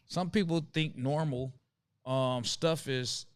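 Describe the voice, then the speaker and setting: An earnest man in relaxed conversation, speaking at an ordinary middle pitch. He hammers his points home with emphasis and repeats key phrases for weight. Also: slow pace, clean tone, dry recording, clean studio sound. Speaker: host. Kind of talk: casual conversation.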